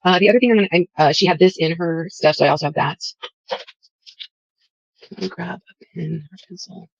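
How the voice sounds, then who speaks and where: A woman's voice: on the low side, brisk, creaky, no room sound, highs cut off. A woman vlogger chatting casually as she walks through a crafting project step by step, with frequent fillers.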